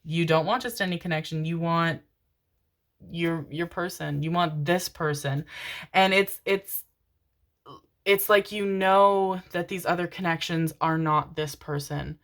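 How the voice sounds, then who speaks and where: A woman's voice: lowish voice, slow pace, a bit bright. A woman giving a pick-a-card tarot reading. She speaks to her listeners with affection, calls them her darlings, swears casually, repeats phrases and laughs often. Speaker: tarot reader.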